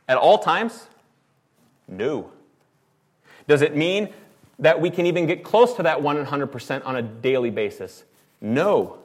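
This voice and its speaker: A man preaching a sermon in an emphatic, conversational way, often asking the congregation rhetorical questions. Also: a little high. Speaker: pastor.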